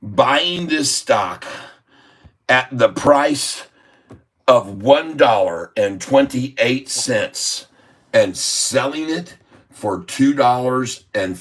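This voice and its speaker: This stock trading livestream host chats casually and reads viewer comments in a mid-range voice. He drawls and jokes, chuckling between remarks, and slows into a drawn-out delivery when explaining trades.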